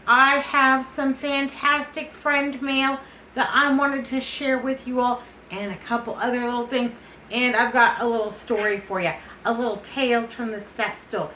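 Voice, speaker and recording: A woman's voice: on the high side, steady tone, moderate pace, sharp tone, slight background noise. Chatty woman in an echoey room. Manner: chatty, affectionate, calls people honey and baby. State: unsteady and foggy-headed. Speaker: vlogger. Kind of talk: casual chat to camera.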